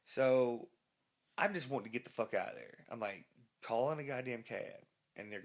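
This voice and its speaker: A man's voice: mid-range voice, lively intonation, brisk, a bit bright. A man, a rock musician being interviewed, telling a rambling, profane anecdote full of restarts. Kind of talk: casual storytelling interview.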